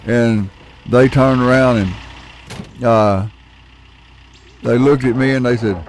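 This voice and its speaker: A man's voice: mid-range voice, slow pace, long pauses, slight background noise. A middle-aged man, telling a rambling, folksy story with casual swearing while he plays a game. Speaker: gaming channel host.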